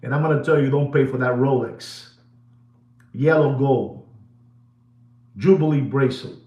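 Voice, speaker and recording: A man's voice: mid-range voice, unhurried, dark tone, echoey room. A man hosting a casual watch market update, emphatic and repetitive, swinging his voice up and down for drama.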